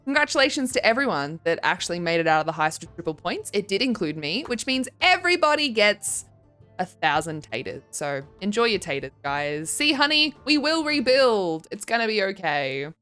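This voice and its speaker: A woman's voice: mid-range voice, sing-song, normal speed, pushed and bright, smooth, faint music behind. A young woman streaming and chatting casually, reading her chat aloud and giggling often. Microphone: desk microphone.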